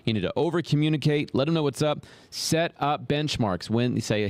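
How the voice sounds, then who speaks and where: A man's voice: mid-range voice, fairly quick, hardly any pauses, no echo. A male pastor and podcast host teaching on leadership in a direct, emphatic way, repeating key points to the listener. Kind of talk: motivational teaching talk.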